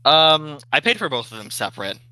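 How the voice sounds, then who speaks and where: A man's voice: fairly high pitch, very animated, fairly quick, sharp tone, poor audio. A young man as a guest in a casual online interview, easygoing and laughing often, sometimes hesitant.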